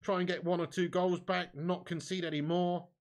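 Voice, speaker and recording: Hosting a live football watch-along, a man gets excitable and sweary, lurching between low grumbling and loud shouting at a moderate pace.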